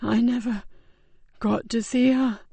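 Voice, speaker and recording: A woman voicing a dying, tortured man who speaks in a slow, halting, breathy near-whisper, short of breath. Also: fairly high pitch, steady tone, mellow, no echo, voice pushed up, full character voice. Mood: weak pleading.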